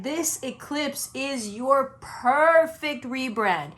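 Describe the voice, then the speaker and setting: A woman's voice: lively intonation, fairly bright tone. Emphatic, swearing woman astrology reader. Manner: emphatic, blunt, swears freely, swings from slow and low to fast and high. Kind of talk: casual tarot reading monologue.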